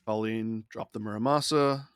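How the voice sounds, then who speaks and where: A man's voice: on the low side, steady tone, moderate pace, smooth, no echo, faint music behind. Man muttering card-game commentary. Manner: muttering thoughts while playing. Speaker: gaming streamer. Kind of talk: casual gameplay commentary.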